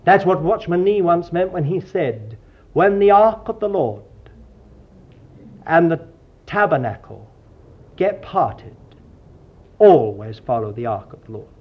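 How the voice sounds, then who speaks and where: A man's voice: on the high side, expressive, unhurried, long pauses, breathy edge. A man preaching a sermon in an earnest, digressive way, often calling his listeners dear child of God. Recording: dull lo-fi sermon recording.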